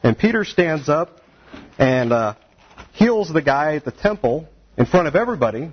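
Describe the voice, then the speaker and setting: A man's voice: fairly high pitch, very animated, moderate pace, slightly rough. A man teaching a casual Bible study, retelling scripture in plain, conversational everyday speech, heard on a dull, lo-fi recording.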